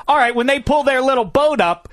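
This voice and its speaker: High-voiced excitable man chatting. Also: fairly quick, dry recording, studio quality. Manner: excitable, rambling, jumps between ideas. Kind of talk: casual chat.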